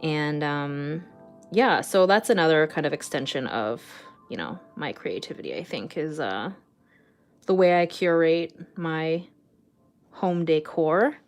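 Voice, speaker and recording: A young woman talks on a relaxed livestream from home. She rambles and fills her sentences with ums and little laughs. Her voice sits a little low for a woman. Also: a little slow, soft background music. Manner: chatty, rambling, with many fillers and laughs. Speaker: artist streaming live. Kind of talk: casual livestream chat.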